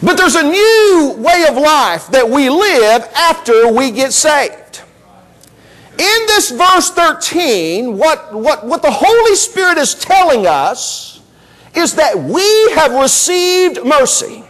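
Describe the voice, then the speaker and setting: A man's voice: extremely high pitch, big pitch swings, slow pace, fairly bright tone, low-quality recording. A man preaching a sermon in a church service, emphatic and repetitive, building to exclamations.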